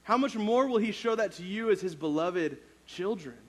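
A man's voice: sits high, expressive, moderate pace. Casual man telling a sermon story. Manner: casual storytelling, many fillers. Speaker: youth pastor.

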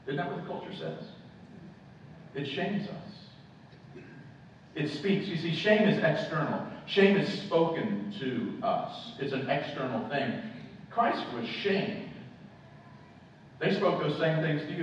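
A man's voice: on the high side, animated, takes it slowly, pauses often, slight background noise. A man preaching a sermon, with impassioned, repetitive exhortations. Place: church. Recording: echoey church from far off, dull sound.

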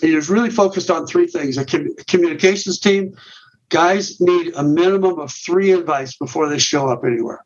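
A fairly high-voiced middle-aged man, interviewed on a podcast as a men's ministry director, explains his method stepwise at a normal speed. He keeps restarting and repeating words, and the recording is muffled and dull.

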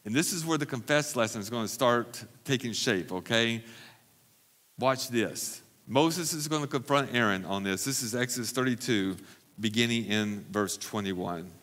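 A man's voice: mid-range voice, moderate pace, a bit bright. A man preaching a sermon as pastor at a church recovery meeting, emphatic and repeating phrases for stress.

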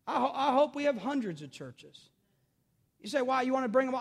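A middle-aged man and pastor preaching a sermon, switching between loud, urgent emphasis and quiet storytelling, repeating phrases and speaking straight to his listeners. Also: very high-pitched, very animated, fairly quick, vocal fry. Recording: long reverb of a large hall.

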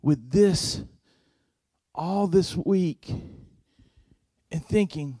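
Mellow-voiced male preacher, dry sound. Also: medium pitch, measured pace, no echo. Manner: earnest, shifts from loud emphasis to hushed intimate passages. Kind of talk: storytelling sermon.

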